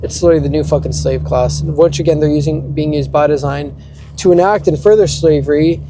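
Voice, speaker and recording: A man's voice: fairly high pitch, fairly quick, background noise. A young man in a rambling, profane rant, often restarting. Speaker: vlogger. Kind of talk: ranting monologue.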